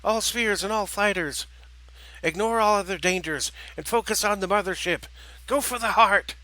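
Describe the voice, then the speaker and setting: A man playing a commanding male space fleet general who shouts orders in a raised, strained voice. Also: high-pitched, a little slow, pitched above the performer's own voice, rough recording.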